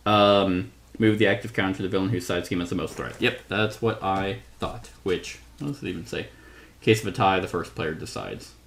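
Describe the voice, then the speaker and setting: A man's voice: low voice, fairly quick, creaky, a bit bright. A man playing a solo card game on his own, thinking aloud as he goes, reading card text and correcting himself along the way. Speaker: board game reviewer. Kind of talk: solo tabletop playthrough.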